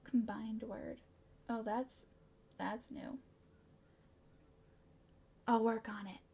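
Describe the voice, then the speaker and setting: A woman's voice: on the high side, steady tone, extremely slow, gravelly, warm tone, slightly rough. Bubbly young-sounding woman streamer. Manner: bubbly, gasps and giggles, stumbles over words. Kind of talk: casual chat with live chat.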